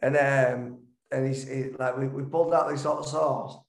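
A man's voice: medium pitch, steady tone, moderate pace. A man, a band member telling stories as a guest, stumbling and restarting as he chats. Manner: chatty storyteller, stumbles and restarts, laughs through the story. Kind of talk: casual anecdote-telling. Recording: roomy echo.

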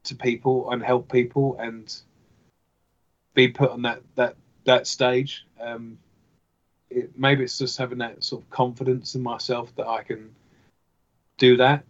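A man speaks hesitantly as a podcast guest, stopping and restarting often. His voice stays flat and level, and the recording sounds dull and lo-fi. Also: mid-range voice, measured pace, pauses often. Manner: hesitant, many fillers and restarts. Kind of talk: casual chat.

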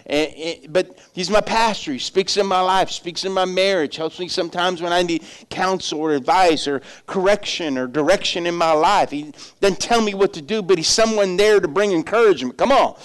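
A man's voice: high-pitched, moderate pace, few pauses, smooth. A middle-aged male pastor preaching a sermon in a loose, conversational way, telling stories and acting out the voices in them. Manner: conversational storytelling preacher, acts out voices in anecdotes.

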